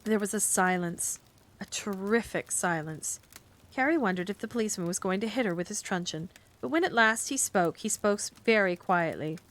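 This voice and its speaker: Woman streamer, mid-pitched, gentle cozy bedtime narration. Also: moderate pace. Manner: gentle, calm storytelling with asides to chat. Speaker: streamer reading a book aloud. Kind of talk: cozy bedtime read-aloud.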